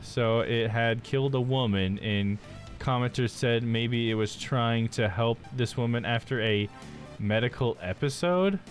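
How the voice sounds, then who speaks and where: A man's voice: mid-range voice, a little slow, soft background music. A male streamer chatting casually while he plays a game, laughing often and calling people "dude".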